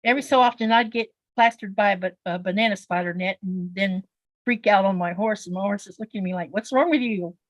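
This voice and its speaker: Chatty livestream co-host, woman, mid pitch, dry and close, talks in long loose stories. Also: fairly even intonation, quick pace, dry recording, low-quality recording. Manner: chatty, rambling storyteller with many fillers. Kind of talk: casual livestream chat.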